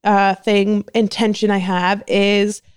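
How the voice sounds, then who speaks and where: A woman's voice: mid-range voice, little pitch movement, slow pace, smooth, dry recording, studio quality. Bubbly, chatty young woman. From California. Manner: bubbly, chatty, laughs often. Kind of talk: casual chat.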